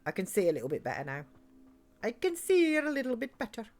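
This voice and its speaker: A woman's voice: fairly high pitch, wildly swooping pitch, quick pace, a little mellow, faint music behind. A woman chatting and giggling while livestreaming a video game. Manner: chatty, giggly, reads chat aloud. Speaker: game streamer. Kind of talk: live let's-play chat.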